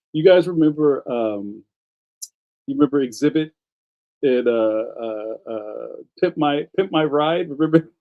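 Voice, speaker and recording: A man's voice: medium pitch, dark tone, highs cut off. Rambling, laughing male livestream host. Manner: rambling storyteller who laughs often and slips into slang. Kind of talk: casual livestream chat reading comments.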